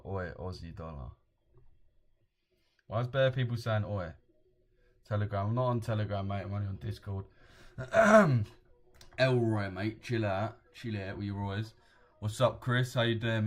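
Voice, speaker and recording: A young man, live-streaming forex trades and chatting casually with viewers, full of slang, calling them boys and mate. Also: on the low side. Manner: slangy, laddish, addresses chat as boys and mate.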